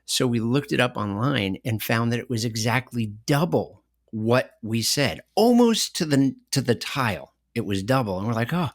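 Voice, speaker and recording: A middle-aged man co-hosting a podcast, telling stories in an animated way and laughing often. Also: mid-range voice, normal speed, hardly any pauses, no echo, studio quality. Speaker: podcast co-host. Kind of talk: conversational podcast discussion.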